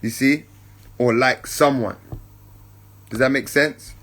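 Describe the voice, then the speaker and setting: Calling his listeners family and checking in with them often, a man hosts a spiritual podcast in a reflective, unhurried way, repeating points for emphasis. His voice is mid-range and a bit bright, with fairly even intonation.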